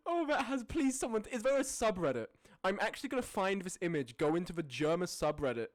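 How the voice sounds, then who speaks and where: A streamer casually ranking images, often breaking into high laughing fits and then dropping into low, sweary mutters. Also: lively intonation, a little fast, no room sound, studio quality. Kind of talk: casual live-stream commentary.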